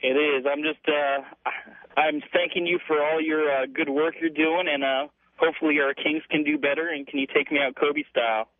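A young man calls in to a radio show from his parked car, anxious and rattled. His voice sits a little high for a man. The line is thin and tinny like a phone call, with a dry sound. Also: fairly even intonation, moderate pace, no room sound. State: anxious, panicked.

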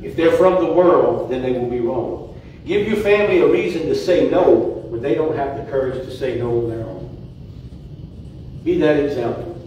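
A man giving an earnest devotional talk to a church congregation, halting now and then to restart his sentences. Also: mid-range voice, mellow, lo-fi sound, a little hiss or hum. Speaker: church speaker. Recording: echoey church room, mic far off.

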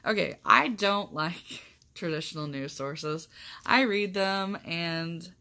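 A woman's voice: on the low side, slow pace, bright, forceful tone. A young woman vlogger chatting casually to camera, rambling with lots of fillers and frequent laughs.

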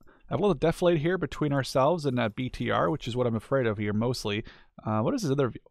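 A man commenting on his own gameplay in an easy, chatty way, drifting into small rants and filling pauses with ums and likes. His voice sits at an ordinary middle pitch, and the recording is dry and close with no room sound. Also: dry recording. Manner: chatty, rambling, mildly ranting with many fillers.

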